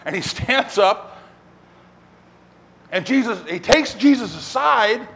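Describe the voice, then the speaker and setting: A man preaching a sermon as pastor, telling the story in an animated way and acting out scenes. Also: very high-pitched, slow, vocal fry.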